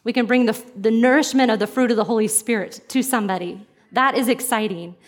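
Woman pastor giving a sermon, kinda high voice, lively and chatty. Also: a little fast. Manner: animated, conversational preaching.

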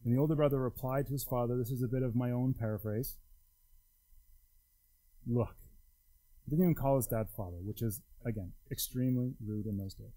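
A man's voice: fairly even intonation, quick pace, hardly any pauses, warm tone, poor audio. A man preaching a sermon in a conversational, emphatic way, his voice rising and dropping widely. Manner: conversational, emphatic, wide pitch swings. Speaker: pastor.

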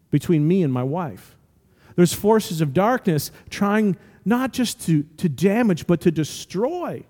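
A man's voice: high-pitched, mellow, big-room sound. A man in his forties preaching a sermon, telling a story and building to emphatic, rising exhortations. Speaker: pastor.

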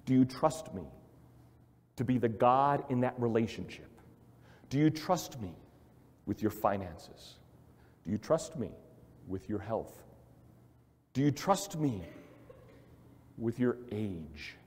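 A man voicing God as a patient, fatherly figure, asking quiet, searching questions in a low, soft voice. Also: expressive, slow, long pauses, breathy edge. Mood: gentle, pleading. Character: God speaking gently, a patient fatherly male voice. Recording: long hall reverb.

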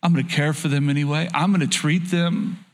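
A middle-aged male pastor preaching a sermon, earnest, dropping to soft low pleading and rising into urgent exhortation. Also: fairly even intonation, a little fast.

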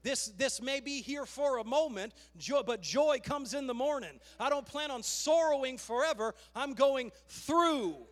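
A man preaching with a notably high voice, fervent and urgent, often calling out to urge his listeners on. His sermon rings through a large hall with a long, trailing reverb. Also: normal speed, hardly any pauses. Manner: fervent, calls "come on" to the congregation. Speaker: pastor.

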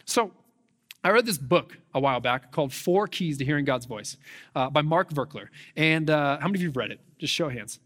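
A young man delivers a sermon in a relaxed, conversational way, tossing in fillers and questions to the congregation. His voice sits slightly high for a man and moves with animated energy. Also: brisk. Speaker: pastor.

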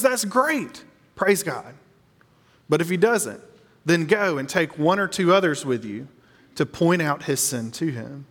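Male pastor, slightly high voice, earnest sermon delivery, long hall reverb. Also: fairly bright tone. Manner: earnest, slows down to stress key lines.

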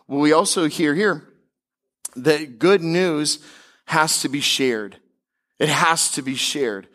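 Male pastor, sermon delivery, emphatic yet casual, higher-pitched voice. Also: a bit bright. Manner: emphatic preaching with casual asides; slows and climbs in pitch on key declarations.

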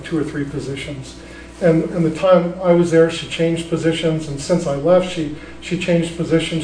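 A man preaching a sermon as a pastor, telling stories in a relaxed, conversational way with frequent restarts. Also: a little high, reverberant, recorded from a distance, slight background noise, low-quality recording. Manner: conversational storytelling with many restarts.

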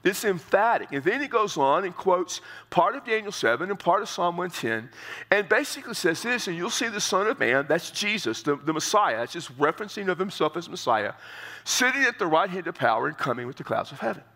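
A man preaching an expository sermon, earnest and explanatory, often repeating words and climbing higher as he drives a point home. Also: very animated, fairly quick, pushed and bright. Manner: earnest, repeats words while explaining, rises in pitch for emphasis.

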